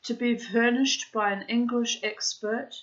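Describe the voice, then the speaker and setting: A tired woman reading a short story aloud in a careful, unhurried way. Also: a little high, fairly even intonation, a bit bright, highs cut off. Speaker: audiobook reader.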